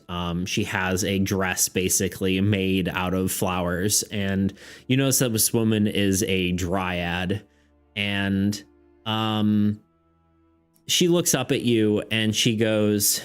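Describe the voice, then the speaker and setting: A man's voice: lowish voice, smooth. A man running a tabletop game on stream, describing scenes in a loose, rambling way and laughing often. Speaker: game master.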